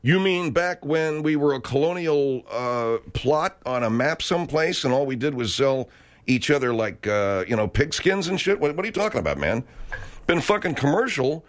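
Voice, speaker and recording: Profane, rambling American talk show host. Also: male voice, on the high side, lively intonation, moderate pace. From United States. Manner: swearing, rambling, emphatic. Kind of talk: profane comedic rant.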